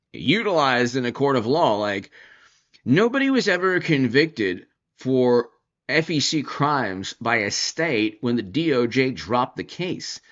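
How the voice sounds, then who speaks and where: A man delivering an opinion commentary monologue in an animated, sarcastic manner, mocking opponents by putting on their voices. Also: on the high side, dull audio. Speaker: political commentator.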